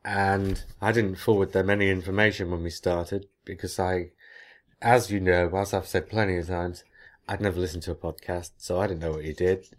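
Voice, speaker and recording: A man's voice: low voice, little pitch movement, moderate pace. A man hosting a podcast, chatting casually and reading listener mail with long, rambling explanations. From England. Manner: chatty, explains at length with many restarts. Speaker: podcast host.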